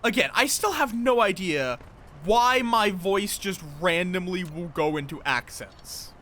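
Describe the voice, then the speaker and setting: A man's voice: high voice, expressive, unhurried, bright, forceful tone. A man casually commenting on his live game stream, chatty and thinking aloud, greeting viewers as he builds.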